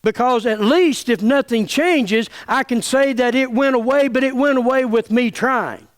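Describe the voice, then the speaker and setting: Male pastor, high voice, fiery and folksy, stammers, middle-aged. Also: normal speed. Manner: stammering restarts, folksy, angry. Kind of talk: fiery sermon.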